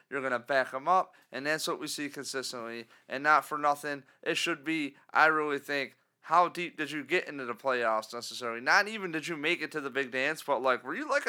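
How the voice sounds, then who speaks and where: Bright-voiced man ranting on a podcast. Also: on the high side, smooth. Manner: ranting, animated, mock caller impressions. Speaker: podcast co-host. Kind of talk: casual sports podcast chat.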